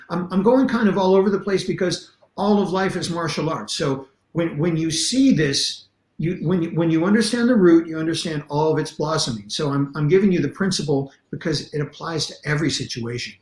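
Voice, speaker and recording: A man who coaches martial arts and self-defense, a guest on a podcast interview, teaching in an animated, emphatic way with blunt examples. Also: fairly high pitch, brisk. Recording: roomy echo.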